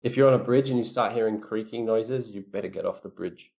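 A man's voice: fairly low pitch, a little fast, creaky, darkish tone. A man tutoring a learner one-on-one, reading a storybook aloud, explaining words and acting out quotes with playful mock grumbling.

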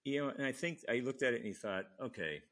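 An older man, a retired admiral, telling a story in conversation, acting out the people he quotes with sudden rises in pitch. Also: animated, fast talker, a bit bright.

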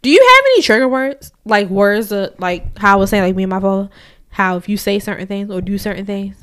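A woman chatting casually, blunt and profane, telling animated stories with frequent restarts. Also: mid-range voice, fairly quick, clean tone. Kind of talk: casual chat.

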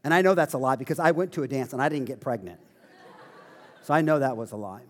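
A male pastor preaching a sermon, telling a story with animated, self-deprecating humor. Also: medium pitch, fast talker.

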